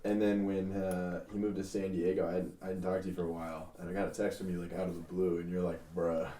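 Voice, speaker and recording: A man's voice: low-pitched, little pitch movement, fast talker, warm tone, slight background noise. A man in a casual podcast chat, telling stories animatedly and swearing. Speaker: podcast guest. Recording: echoey room with crowd chatter.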